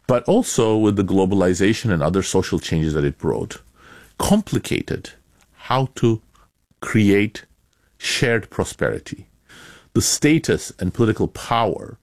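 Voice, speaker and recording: Academic author guest: deep-voiced man, dry studio sound, steady explanations with sudden emphasis. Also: no echo. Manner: measured, explanatory, lively emphasis. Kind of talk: interview answers.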